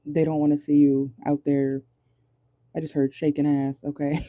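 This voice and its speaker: A tarot reader doing a casual reading from inside a car, pausing often while channeling, swearing and laughing nervously. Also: mid-range voice, level tone, warm tone, no room sound, highs cut off.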